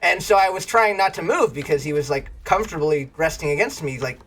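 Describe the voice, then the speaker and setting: A livestreamer chatting casually with viewers, spinning long, rambling anecdotes. The voice sits at an ordinary middle pitch, and laughter keeps breaking into the telling. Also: a little fast. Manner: laughs often while telling stories; animated, rambling storyteller. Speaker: streamer.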